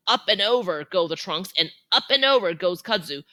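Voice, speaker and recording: A woman reading a children's novel aloud in an expressive, animated way. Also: mid-range voice, moderate pace, hardly any pauses. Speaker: reader.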